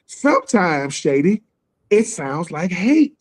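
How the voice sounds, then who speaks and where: A man co-hosting a casual sports talk stream, slangy and animated, acting out other people's lines as he riffs. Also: sits high, fairly quick. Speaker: podcast co-host. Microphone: live stream call.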